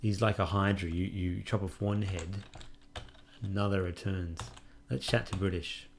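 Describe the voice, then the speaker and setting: A man's voice: low voice, fairly even intonation, unhurried, creaky, a little hiss or hum. A man hosting a let's play, casually commenting on a game and reading its prompts aloud with wry musing.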